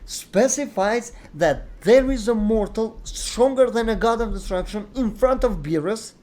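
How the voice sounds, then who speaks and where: A man's voice: high-pitched, lively intonation, a little slow, warm tone. Opinionated man arguing his case. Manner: opinionated, explains at length, quotes characters. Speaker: host. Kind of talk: casual discussion.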